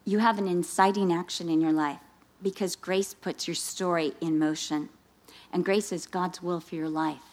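A middle-aged woman preaching to a gathering of women. She weaves personal stories into her message and brings them to life, jumping up in pitch as she acts out what people said. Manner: animated storytelling, acting out dialogue with rising pitch. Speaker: speaker at a women's Christian gathering. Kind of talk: sermon with personal story.

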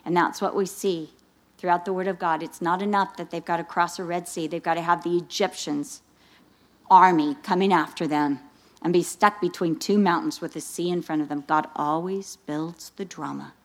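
This middle-aged speaker addresses a women's Christian gathering at a moderate pace, folding her own stories into the sermon. Her telling is lively, and she performs the dialogue with a rising pitch.

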